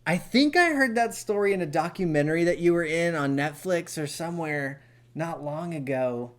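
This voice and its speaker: A young man runs a casual interview, turning to explain things to his viewers and asking his guest questions. His voice sits slightly high for a man, and his tone stays friendly and direct. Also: lively intonation, normal speed, fairly bright tone. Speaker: interviewer and channel host.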